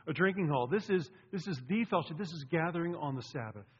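Husky-voiced pastor in a reverberant hall. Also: male voice, on the high side, expressive, quick pace. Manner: conversational, with asides to the congregation. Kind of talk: sermon. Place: church sanctuary. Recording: lo-fi recording with long hall reverb.

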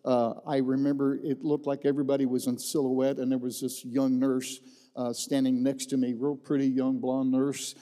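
A man's voice: medium pitch, level tone, moderate pace, dark tone. A middle-aged man, a pastor, giving his personal testimony as a folksy storyteller who repeats phrases for emphasis. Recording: long reverb in a large hall.

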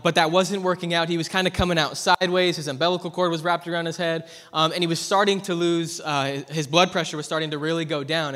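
A young man preaching a sermon at church, telling a personal story earnestly and dropping from loud to hushed. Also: a little high, clear, resonant tone. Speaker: pastor. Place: church hall. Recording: long hall reverb.

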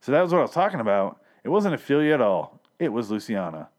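A man's voice: mid-range voice, very animated, fast. A man hosting a podcast, recapping a TV episode in a rambling, sarcastic, profane monologue full of self-corrections. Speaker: podcast host reviewing a TV episode. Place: Los Angeles.

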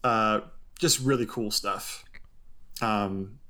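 A man's voice: fairly low pitch, fairly even intonation, extremely slow, bright, forceful tone. A man hosting a casual podcast chat, telling a long story in a rambling way with lots of ums and frequent laughs. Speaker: podcast host.

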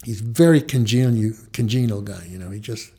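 An older man from the Bronx, a photographer, telling a personal anecdote with halting restarts and acted-out quoted voices. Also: on the low side, mellow, husky. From New York, Bronx.

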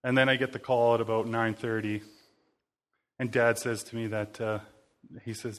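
A man's voice: mid-range voice, level tone, normal speed. Guy preaching real casual, rambles a lot, says like all the time. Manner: rambling, informal, full of "like" and fillers. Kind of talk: casual conversational sermon.

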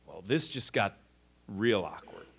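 A man preaching a sermon, swinging between quiet, intimate lines and loud, emphatic ones. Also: on the low side, animated, unhurried, husky. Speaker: pastor.

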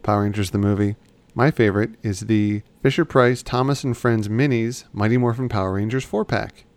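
A male podcast co-host chats casually, rambling and frequently restarting and correcting his sentences. His voice is fairly low and a little mellow, and he talks briskly. There is no room sound.

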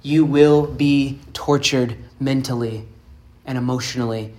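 A man preaching a sermon, retelling a parable in an earnest, emphatic way with dramatic pauses. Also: medium pitch, steady tone, a little mellow. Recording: roomy echoing space.

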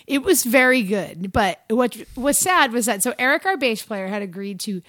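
Woman, guest musician, casual storytelling, swears freely, acts out quotes, slightly high voice, dry close sound. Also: lively intonation, normal speed, a bit bright, dry recording.

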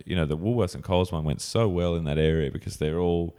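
An Australian man chatting casually as a podcast guest, relaxed and chuckling, trailing off with fillers. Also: low voice, fast talker. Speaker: podcast guest, comedian and actor. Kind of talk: casual chat.

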